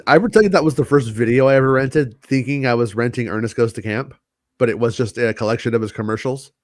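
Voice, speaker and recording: A man's voice: mid-range voice, fast, darkish tone, no room sound. A man co-hosting a podcast, rambling in casual chat, stumbling over and repeating words. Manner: rambling, stammers, repeats words, does silly voices. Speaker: podcast co-host.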